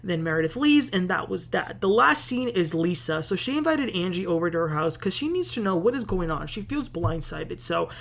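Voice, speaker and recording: A woman's voice: on the low side, very animated, fairly quick, gravelly, few pauses. A woman hosting a casual TV recap, chatty and opinionated, with plenty of filler words. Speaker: host.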